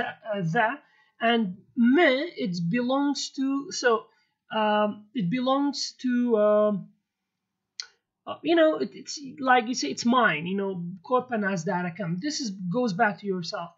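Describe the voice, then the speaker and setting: The recording is dull and lo-fi: a native Kurdish speaker with a Kurdish accent teaches vocabulary in a casual video lesson. Her voice is a little high and slow as she explains terms one by one, repeats them, and fills gaps with fillers and "okay."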